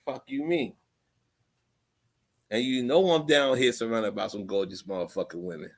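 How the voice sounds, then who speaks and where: A man hosting a livestream, talking off the cuff in a profane, rambling way, repeating phrases and swinging from low muttering to loud outbursts. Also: moderate pace, gravelly. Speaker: livestream host. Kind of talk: unscripted livestream rant.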